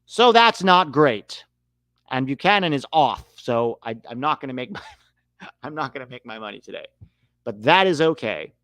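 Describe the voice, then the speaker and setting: A young man calling a match live for a watch-along, animated and quick to swear at the referee. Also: medium pitch, no room sound. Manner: animated, swears when riled, calls the play.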